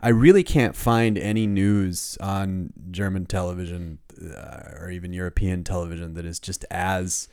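Deep-voiced American man chatting. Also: steady tone, moderate pace, hardly any pauses, a little mellow, smooth, dry recording, clean studio sound. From United States. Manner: laid-back, swears freely. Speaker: comedian guest. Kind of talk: casual podcast chat.

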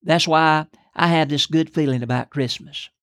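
A man voicing a softhearted milkman in an earnest, storytelling way, with a dry, close sound. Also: on the high side, moderate pace, no echo, lightly acted.

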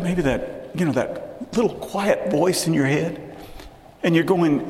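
A man's voice: a little high, big pitch swings, normal speed, a little mellow. Guy pastor preaching, earnest, talks right at the pews, repeats himself for emphasis, big echoey church hall. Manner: earnest, direct address to the congregation, repeats phrases for emphasis. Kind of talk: sermon. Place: church sanctuary. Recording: echoey hall with long reverb, faint hiss.

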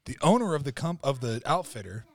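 A man's voice: medium pitch, fairly quick, no room sound. A man telling hunting stories in casual, profane podcast chat, acting out quotes as he goes. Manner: profane, animated storytelling with acted quotes. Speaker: podcast guest, hunter. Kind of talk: casual storytelling.

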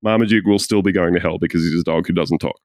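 A man co-hosting a podcast in casual comedic chat, arguing silly points in a deadpan, mock-earnest way. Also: low-pitched, fast talker, no echo, clean studio sound. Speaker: podcast co-host.

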